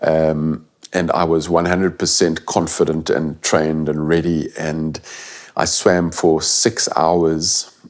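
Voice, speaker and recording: A man's voice: a bass voice, little pitch movement, slow pace. A middle-aged man telling an interview story in a blunt, earnest way, swearing casually. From South Africa. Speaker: guest. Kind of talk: first-person story in an interview.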